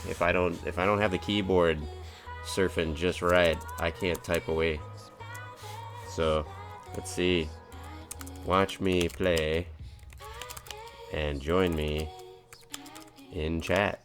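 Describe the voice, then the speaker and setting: A man with a very low voice chats loosely through a live game stream, wandering off track and cheerfully laughing at his own clumsiness. His talk stays easygoing and upbeat. Faint music plays quietly underneath. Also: fairly even intonation, unhurried, pauses often. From United States. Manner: rambling, upbeat, self-mocking. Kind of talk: casual live-stream chat.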